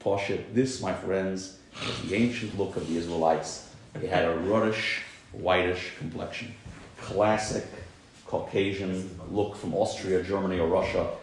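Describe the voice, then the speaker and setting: A man's voice: low voice, fairly even intonation, unhurried, very echoey, a little hiss or hum, rough recording. A man teaching a small group around a table, explaining at length with many religious terms. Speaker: class teacher. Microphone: phone recording on the table.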